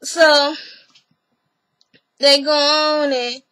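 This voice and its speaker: A woman chatting casually to camera as she recaps a TV episode. Her voice sits high and bright, and she acts out each person's lines with animated energy. She laughs often along the way. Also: drawn-out words, dry recording, low-quality recording. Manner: animated storyteller who acts out other people's lines. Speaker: vlogger recapping a reality TV episode.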